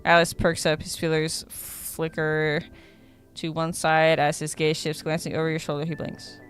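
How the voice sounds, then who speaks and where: A woman's voice: sits low, monotone, normal speed, faint music behind. Woman streamer reading game text aloud. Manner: reads in a casual tone, stumbles and corrects herself. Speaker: streamer playing a dating sim.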